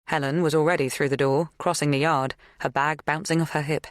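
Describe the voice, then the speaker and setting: A woman's voice: low voice, steady tone, a little fast, dry recording. Woman narrating an audiobook, dry and close. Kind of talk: scripted narration.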